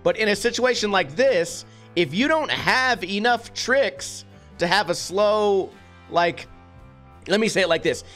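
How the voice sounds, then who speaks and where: A man with a fairly high voice talks through clips in casual commentary, blunt and sarcastic, now and then swearing. Soft music plays faintly behind him. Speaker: skate video reviewer host.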